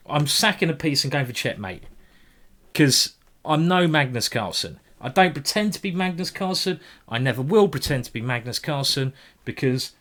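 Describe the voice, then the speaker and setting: A man's voice: on the high side, fairly bright tone. A man with a British accent giving casual, joking commentary on his own chess games during a live stream, thinking aloud and often repeating himself.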